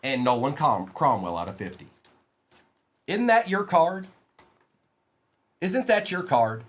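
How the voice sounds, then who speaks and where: Animated man running a live card break. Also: on the high side. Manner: rapid, excitable, banters with chat by name.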